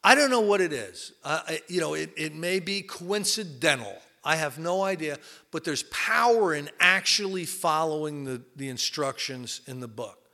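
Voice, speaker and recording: A man's voice: on the high side, expressive, moderate pace, vocal fry, pushed and bright. A middle-aged man giving an informal, plain-spoken talk to a recovery group, folksy with many fillers. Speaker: recovery meeting speaker.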